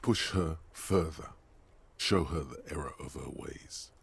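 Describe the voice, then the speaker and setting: A detective's inner narrator with an extremely deep, solemn and commanding delivery. He pronounces judgment on each moment. Faint game music plays underneath. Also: measured pace, creaky, heavily acted. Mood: grave.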